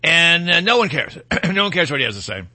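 A man's voice: a little high, sing-song, a little fast, pushed and bright. A man from Michigan with a Michigan accent, hosting a casual political talk show in a rambling, opinionated way with folksy asides.

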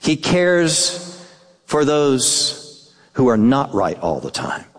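A man preaching a sermon in an earnest way, dropping to soft, hushed tones when he quotes. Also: mid-range voice, very animated, slow, long reverb tail. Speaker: pastor.

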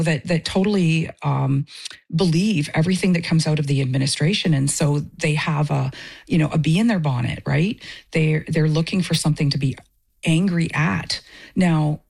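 A woman's voice: fairly low pitch, vocal fry, a little mellow, slightly rough. A woman from Canada, a festival director, talking earnestly and with feeling in an interview. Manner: earnest and emotional. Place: Portage, Michigan.

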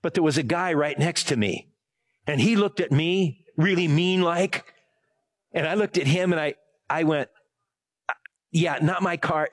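A man's voice: on the high side, normal speed. A man preaching a casual sermon, telling a rambling personal story full of fillers and self-corrections. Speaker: pastor.

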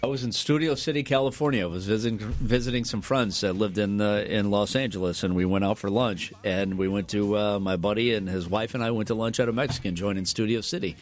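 Upbeat low-voiced radio host. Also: male voice, a little fast, few pauses, faint music behind. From American Midwest. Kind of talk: casual morning radio banter.

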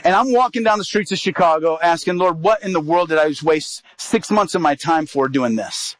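A man with a somewhat high voice tells a personal story in a sermon. He acts out the quotes with lively, animated delivery. The sound is dry and close, with no room echo. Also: fairly quick.

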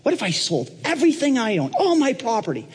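Brief: a preacher doing a bragging, overeager tycoon, voice pushed way up high, booming hall. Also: male voice, big pitch swings, a bit bright, full character voice. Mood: boastful excited. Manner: brash, eager, rapid bragging. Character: impression of a boastful, overexcited businessman would-be apprentice. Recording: reverberant church hall.

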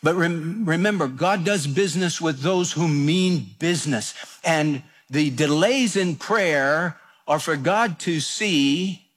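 A man's voice: fairly high pitch, slow, a bit bright. A man preaching a radio sermon, telling folksy stories and repeating his points with restarts. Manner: folksy storytelling with repeated phrases.

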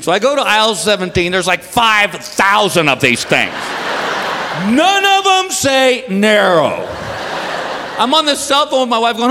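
A middle-aged man doing a stand-up routine, telling a story and shouting the punchlines. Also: high-pitched, big pitch swings, normal speed. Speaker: stand-up comedian. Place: comedy stage with a laughing audience. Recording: live room with crowd and noise.

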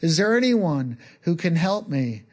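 A man's voice: fairly high pitch, sing-song, unhurried, a little mellow. A pastor doing a panicked man screaming from a cliff. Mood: frantic. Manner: screaming for help.

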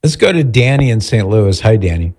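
A man's voice: lowish voice, animated, a little fast, a little mellow, slight background noise. A male radio host leading a prayer and chatting casually with listeners on a call-in show. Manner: chatty, playful, leads prayer. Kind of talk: live call-in radio talk.

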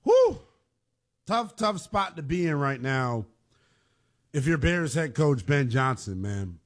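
A man's voice: medium pitch, expressive, a little slow. A man hosting a sports talk show, giving emphatic, heated opinions in a casual, blunt way. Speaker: sports radio host. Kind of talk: fired-up sports talk commentary.

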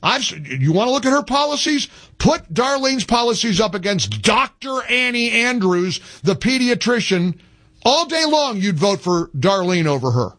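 A man's voice: sits high, sing-song, moderate pace, fairly bright tone. A man hosting a talk radio show, ranting emphatically and reading an ad himself. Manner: fired-up, emphatic, repetitive. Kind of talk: talk radio rant and host-read ad.

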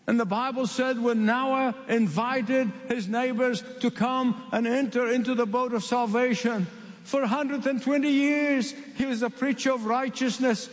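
A man from the Middle East preaching a sermon, emphatic and repeating key phrases with slow dramatic pauses. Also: very high voice, steady tone. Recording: long reverb of a large hall.

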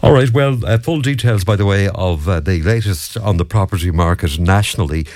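A man with an Irish accent hosting a radio phone-in, brisk and quick to cut in on callers. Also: sits low, a little mellow. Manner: brisk, interjecting, challenges callers. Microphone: studio microphone.

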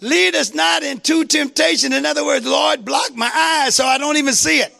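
A male pastor preaching a sermon, calling out to the congregation for responses and shouting exclamations. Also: very high voice, moderate pace, gravelly.

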